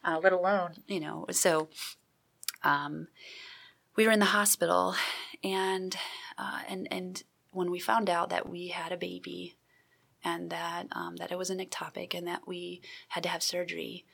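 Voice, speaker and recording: A woman guest giving an earnest personal testimony in an interview, halting with many restarts. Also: lowish voice, level tone, creaky, a bit bright, slightly rough.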